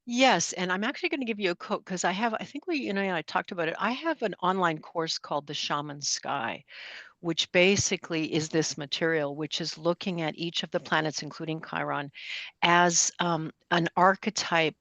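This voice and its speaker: Podcast guest: woman in her 60s, low-pitched, measured and reflective, dry close sound. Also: fairly bright tone, no room sound. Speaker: guest astrologer. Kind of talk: podcast interview.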